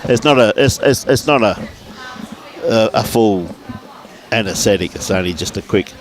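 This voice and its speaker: A man's voice: on the low side, expressive, moderate pace, crowd noise. A man giving casual, laid-back bowls commentary, calling everyone mate and buddy. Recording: outdoors at a bowls green.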